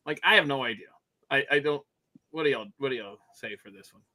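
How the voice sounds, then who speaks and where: A man's voice: medium pitch, pushed and bright. A man hosting a casual panel chat, joking and opinionated. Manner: joking, opinionated, quick asides. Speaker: podcast host.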